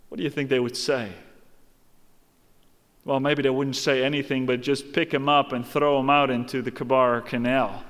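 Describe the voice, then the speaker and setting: A man's voice: mid-range voice, level tone, normal speed, fairly bright tone, big-room sound. A man preaching a sermon with emphatic, dramatic storytelling and rhetorical questions.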